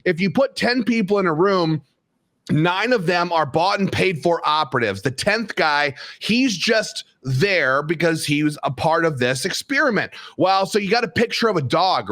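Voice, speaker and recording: A man with a somewhat high voice holds forth as a podcast co-host, emphatic and rambling as he builds his stories. His talk is opinionated political chat. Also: fairly bright tone.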